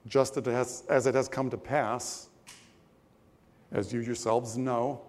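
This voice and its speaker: Storytelling preacher in an echoing sanctuary. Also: male voice, mid-range voice, flat delivery, darkish tone. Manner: conversational storytelling with pauses and asides. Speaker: pastor. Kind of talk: sermon. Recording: long church-hall reverb.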